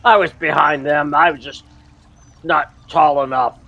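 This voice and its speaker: A man's voice: on the high side, fairly even intonation, unhurried, dull audio. A man playing a tabletop game, talking in a laid-back and hesitant way. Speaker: player. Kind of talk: casual tabletop game chat.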